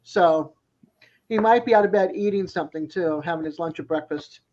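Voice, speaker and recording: A man's voice: on the high side, moderate pace, darkish tone. A man with a Boston accent chatting casually on a live stream, laughing often. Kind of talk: casual chat. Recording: dull lo-fi stream audio.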